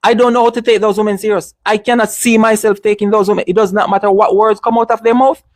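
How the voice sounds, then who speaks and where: A man's voice: sits high, level tone, quick pace, no echo. A man in casual discussion, speaking emphatically, repeating his points and restarting often.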